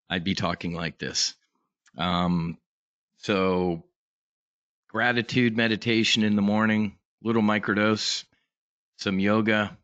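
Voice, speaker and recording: Low-voiced man hosting a rambling trading talk. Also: pushed and bright, no echo, highs cut off. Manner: rambling, many fillers and restarts, blunt and profane. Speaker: host of a live trading brief. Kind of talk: casual live market talk.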